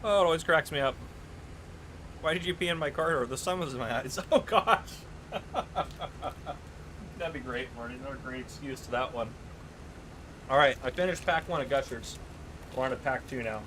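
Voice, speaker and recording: A man's voice: mid-range voice, lively intonation, normal speed, pushed and bright, slight background noise, poor audio. A man chatting casually on a live gaming stream, telling stories, reading chat aloud and laughing often.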